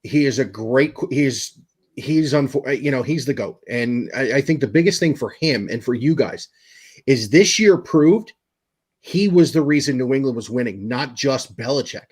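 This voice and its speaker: Measured man from New York. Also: medium pitch, lively intonation, a little mellow, husky. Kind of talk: casual sports podcast chat.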